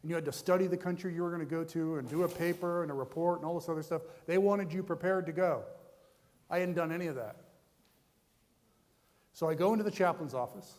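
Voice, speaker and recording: A man's voice: on the high side, darkish tone. A man telling a personal testimony to students in a conversational, self-deprecating way, in a large chapel hall. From United States. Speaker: guest speaker. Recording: long hall reverb.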